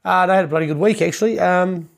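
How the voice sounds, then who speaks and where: A man's voice: sits high, quick pace, gravelly. A man co-hosting a podcast in rambling, laid-back banter, often stumbling over words. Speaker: podcast co-host. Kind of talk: casual banter.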